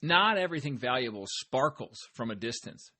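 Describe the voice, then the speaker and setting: A man's voice: medium pitch, very animated, normal speed, sharp tone. A man hosting his own podcast, talking in a casual, upbeat way and often speaking straight to his listeners. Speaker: podcast host; farmer. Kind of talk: casual motivational monologue.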